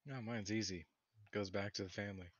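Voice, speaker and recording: A man playing in a tabletop game, talking in a halting way and laughing often, on dull lo-fi audio. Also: fairly low pitch, fairly even intonation, no room sound. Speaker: player. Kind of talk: tabletop role-play chat.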